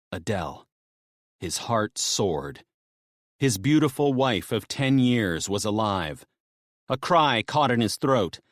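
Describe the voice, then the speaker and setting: A man narrating an audiobook with tense storytelling, dropping low and soft in grim moments. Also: no echo, studio quality.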